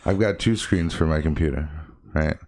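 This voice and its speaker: Man, very low voice, rambling casual chat, laid-back. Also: moderate pace, darkish tone. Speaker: co-host.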